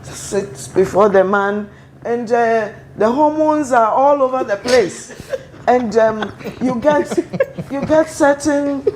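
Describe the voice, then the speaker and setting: A woman gives advice on a business panel, speaking slowly and thoughtfully in parables. Her voice sits a little high, and she laughs softly now and then. Faint noise hums behind her. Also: low-quality recording. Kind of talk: casual panel discussion.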